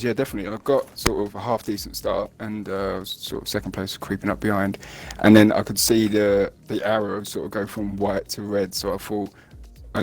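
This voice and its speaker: A man who just won his first race, talking through it in a rambling, pleased way. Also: fairly low pitch. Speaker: race winner being interviewed.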